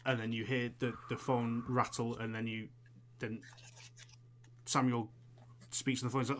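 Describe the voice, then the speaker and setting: A man narrating a tabletop horror game as game master, pausing often and restarting phrases. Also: mid-range voice, little pitch movement, a bit bright. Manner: hesitant, many fillers and restarts.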